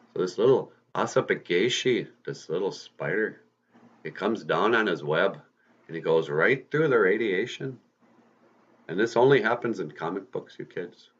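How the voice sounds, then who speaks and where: A man's voice: low voice, fairly bright tone. A man, a podcast host, telling a story to kids in a casual, folksy way with rambling asides. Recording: slightly muffled lo-fi recording.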